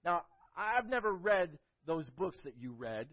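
A man's voice: fairly high pitch, big pitch swings, unhurried, no room sound, pitched above the performer's own voice. A man voicing an elderly white-haired preacher who asks simple, pointed questions in a plain, homespun way, on a dull lo-fi recording.

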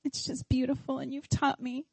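A woman's voice: high-pitched, monotone, moderate pace, vocal fry, a little mellow, slightly rough, no room sound, low-quality recording. A middle-aged woman giving a heartfelt sermon at a church service. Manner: heartfelt, tearful at times.

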